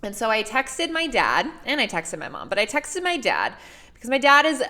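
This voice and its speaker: A woman's voice: on the high side, huge pitch swings, normal speed. A woman talking casually and earnestly to her listeners, coaching them with questions. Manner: earnest and emotional, warm toward her father. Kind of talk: casual solo talk to listeners.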